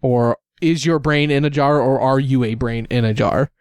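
A man's voice: mid-range voice, moderate pace, a little mellow, clean tone, dry recording. Dry-sounding male podcast co-host. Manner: conversational, musing, explains things. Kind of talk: casual comedic banter.

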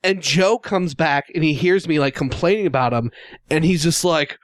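A man with a fairly high voice tells a story with lots of energy and often laughs as he acts out what people said. The sound is dry and close, with no room echo. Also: normal speed. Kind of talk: casual storytelling chat.

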